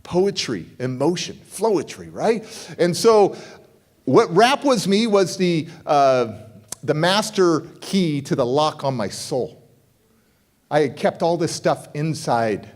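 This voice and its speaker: On a conference hall stage, a middle-aged motivational speaker gives a keynote at a slow pace, his voice a bit high for a man. He tells his story with great animation, jumping sharply up in pitch to act out other people's lines.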